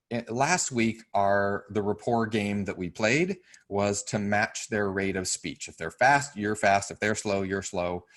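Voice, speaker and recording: Male course instructor, slightly low voice, chatty, tosses in "right?" a lot. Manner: conversational, uses many fillers and "right?"; acts out quoted voices, loud and soft. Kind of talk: teaching a class.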